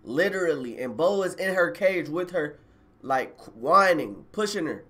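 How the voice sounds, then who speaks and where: A man's voice: fairly high pitch, expressive, measured pace, bright, forceful tone. A man telling a rambling story to his livestream viewers in slangy casual chat, talking to them directly on a phone at home. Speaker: live streamer telling a personal story.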